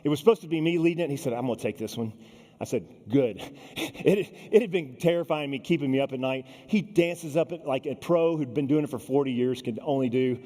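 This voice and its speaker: A middle-aged man giving a keynote talk, telling a dramatic story in a folksy, animated way and acting out the other voices. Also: fairly high pitch, quick pace. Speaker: keynote speaker. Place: large conference hall. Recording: echoey hall sound.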